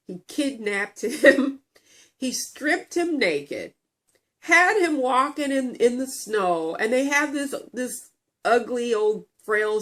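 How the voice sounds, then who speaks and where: A woman's voice: mid-range voice, a bit bright. A woman vlogger telling a story in a casual commentary video, blunt and profane, often stumbling over and repeating words.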